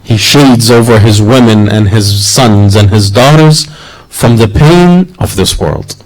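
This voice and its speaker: A man's voice: lowish voice, unhurried, soft background music, poor audio. A man preaching a sermon in an earnest, rhythmic way that repeats its phrases.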